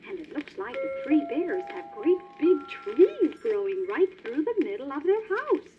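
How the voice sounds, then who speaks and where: A woman narrating a children's storybook record in a gentle, sing-song way, as if talking to small children. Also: sits high, huge pitch swings, unhurried. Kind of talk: read-along storybook narration. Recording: muffled old vinyl record with music.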